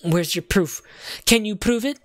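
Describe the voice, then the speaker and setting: A man's voice: high voice, measured pace, no room sound, pitched above the performer's own voice. A man voicing an earnest young male defense lawyer in a video game, firm and accusing.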